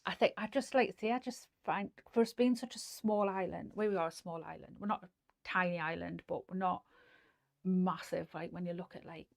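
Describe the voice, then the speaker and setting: A woman's voice: fairly low pitch, fairly even intonation, moderate pace, creaky. A woman with a Geordie accent hosting a casual sewing live stream, chatting through viewer comments with lots of fillers and restarts and dropping to near-whispers at times. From North East England.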